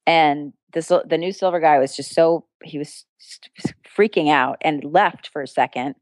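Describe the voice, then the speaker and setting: A woman telling an anecdote as an interview guest, laughing often and jumping into higher voices for the people she quotes. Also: normal speed, dry recording. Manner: animated, acts out quoted voices with a jump in pitch. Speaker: guest, street performer and entertainer. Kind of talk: storytelling anecdote in conversation.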